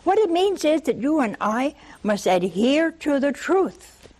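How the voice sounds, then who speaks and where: An older woman preaching a sermon, telling a Bible story with lively rhetorical questions and acted-out dialogue. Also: sits high, a little slow.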